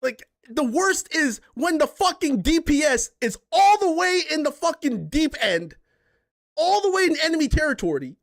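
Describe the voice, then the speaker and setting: A man's voice: very high-pitched, big pitch swings, normal speed, a bit bright. A man hosting a casual gaming podcast, ranting in heated, profane bursts and repeating himself for emphasis. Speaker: podcast host.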